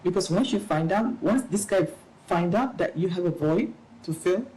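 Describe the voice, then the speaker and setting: A middle-aged woman speaking as an interview guest, giving animated, preachy advice with playful asides. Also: fairly low pitch, moderate pace, poor audio. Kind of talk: casual interview talk.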